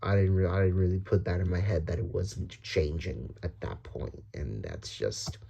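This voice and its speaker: A man's voice: sits low, animated, moderate pace, creaky, mellow, dull audio, slight background noise. A young man from the Dominican Republic ranting casually about politics, rambling with many restarts, swearing and nervous laughs. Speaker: vlogger.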